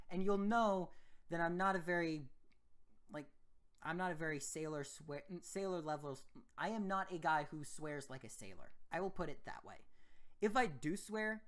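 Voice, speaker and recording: A man's voice: a little high, expressive, normal speed, a bit bright. A man talks through a casual vlog as a gaming YouTuber. He rambles, stops and restarts his sentences, and chuckles at his own slips of the tongue.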